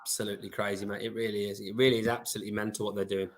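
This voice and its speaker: A man's voice: fairly low pitch, little pitch movement, rapid-fire. A man with a Midlands accent co-hosting a casual football podcast, bantering and chiming in with short agreeing replies. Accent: English Midlands. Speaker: podcast co-host.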